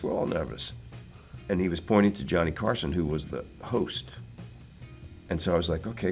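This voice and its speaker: A man's voice: deep voice, gravelly. A man in his sixties from Philadelphia, an actor telling casual, rambling anecdotes with many fillers and laughs. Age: 60s. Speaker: actor guest.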